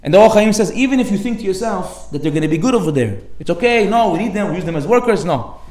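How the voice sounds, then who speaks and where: A man, a rabbi, giving an energetic, animated Torah class with acted-out anecdotes, sprinkling in Hebrew words and slang. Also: high voice, fast, roomy sound. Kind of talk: lively sermon with acted anecdotes. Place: synagogue hall.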